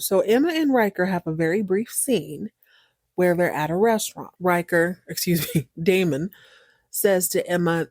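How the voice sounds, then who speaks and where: A woman's voice: lowish voice, lively intonation, moderate pace, a little mellow, no room sound, studio quality. A woman hosting a podcast, recapping a show in a chatty, slangy way and laughing often. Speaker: podcast host.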